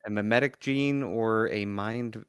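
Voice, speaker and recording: A man's voice: lowish voice, measured pace, clear, resonant tone, no echo. A man in a book club chat, telling little stories with amusement. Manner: storytelling, amused. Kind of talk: casual group chat.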